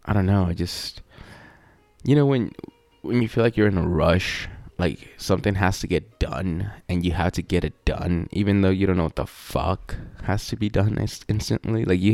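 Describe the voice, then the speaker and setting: Deep, gravelly, joking young man. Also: normal speed, a little mellow, no room sound. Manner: profane, joking, lots of fillers. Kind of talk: casual rambling monologue.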